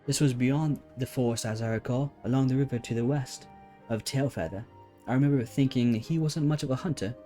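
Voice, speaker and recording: A man's voice: medium pitch, warm tone, lightly acted. A man reading as a plain-spoken hunter.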